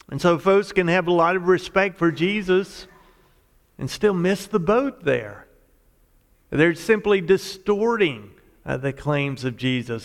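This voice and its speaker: High-voiced man preaching in a reverberant hall. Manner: explanatory Bible teaching, measured and emphatic. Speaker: pastor. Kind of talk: sermon.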